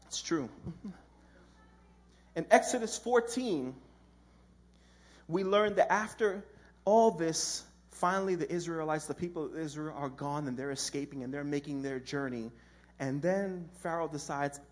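Lively husky-voiced man preaching casually. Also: on the high side, normal speed. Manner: animated storytelling with slang and acted-out voices. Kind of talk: casual, humorous sermon.

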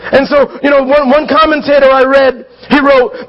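A man preaching a sermon as pastor, earnest and conversational, often checking in with his listeners, repeating and restarting phrases as he builds to loud pleas. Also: very high-pitched, little pitch movement, moderate pace, lo-fi sound.

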